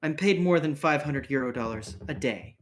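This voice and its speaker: A man voicing a stiff, discreet, ghoulishly tall male clinic attendant in a tabletop role-playing game, with hesitant pauses. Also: fairly high pitch, expressive, natural voice. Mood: prim, guarded.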